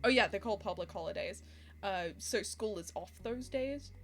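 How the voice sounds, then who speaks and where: A woman's voice: medium pitch, normal speed, a bit bright, faint music behind. A young Australian woman streamer chatting casually while playing a game, giggling often.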